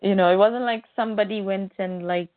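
A woman's voice: medium pitch, fairly even intonation, brisk, dry recording. A woman retelling a comic book in casual chat, reading the lines aloud with small voice changes. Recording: dry tinny phone-like sound.

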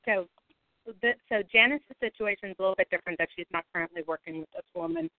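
A woman leading a spiritual group call, talking it through with lively acted-out inner monologues. Her voice sits at an ordinary middle pitch, and it comes through thin and narrow, like a phone line. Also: fast, gravelly, dry recording. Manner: animated, acts out inner monologues. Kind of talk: casual group teaching call. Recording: tinny phone-line audio.

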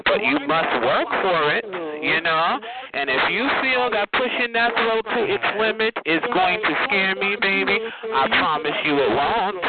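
Sassy man on a tinny phone line. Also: high-pitched. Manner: sassy, condescending, calls people baby and honey. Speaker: chat line caller. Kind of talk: heated phone chat line argument.

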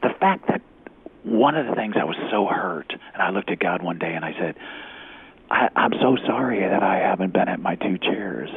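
A man, an executive recruiter, telling a faith story in an animated way, acting out the dialogue and dropping to a whisper at times. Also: low-pitched, normal speed, vocal fry, background noise. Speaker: executive recruiter, guest speaker. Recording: tinny phone-like radio audio.

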